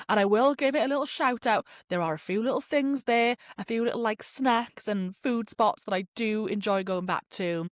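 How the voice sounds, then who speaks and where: A woman with a fairly low voice hosts her own podcast in studio quality with no echo. She has a cold and chats casually on her own, rambling, swearing and using lots of fillers.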